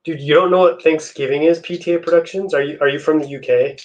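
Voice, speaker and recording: A man's voice: on the high side, fast talker. A young man hosting a live stream, chatting casually with viewers while he builds. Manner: relaxed, chatty, answers chat messages.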